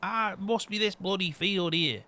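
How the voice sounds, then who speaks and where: A man's voice: sits high, normal speed, sharp tone, slight background noise. A man playing a grumpy farmer in a game role-play, grumbling and swearing constantly. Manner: grumbling, peppers every line with swearing.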